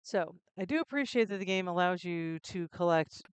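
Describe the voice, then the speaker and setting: A woman's voice: fairly low pitch, animated, moderate pace, clear, resonant tone, no echo. A woman live-streaming a game, chatting with jokes and self-deprecating asides into a close desk mic. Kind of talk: casual gameplay live stream.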